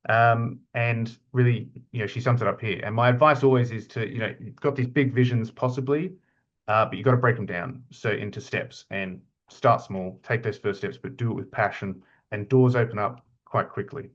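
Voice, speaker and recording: A man's voice: mid-range voice, normal speed, dull audio. A middle-aged man gives an informal slide lecture as an academic lead, chatty, with many fillers and restarts. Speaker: university academic lead presenting a webinar.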